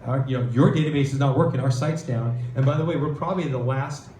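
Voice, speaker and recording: A man giving a conference talk, telling an animated startup story and acting out the quoted voices. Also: mid-range voice, fast, slight background noise. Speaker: venture capitalist speaker. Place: event hall. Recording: roomy hall with faint ambience.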